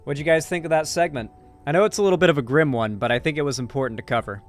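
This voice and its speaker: A man's voice: a little high, racing, soft background music. A man doing livestream reaction commentary, talking casually, profanely and rambling to his chat. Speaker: streamer and political commentator.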